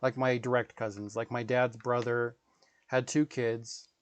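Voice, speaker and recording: A man's voice: mid-range voice, little pitch movement, a little slow, no echo. A man in his thirties, a gaming livestreamer, telling rambling, profane stories in casual chat.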